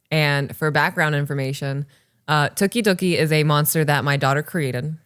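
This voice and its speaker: A woman in her thirties co-hosting a podcast, reading listener stories and chatting casually, animated and swearing freely. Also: sits low, normal speed, smooth. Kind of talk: casual chat and story reading.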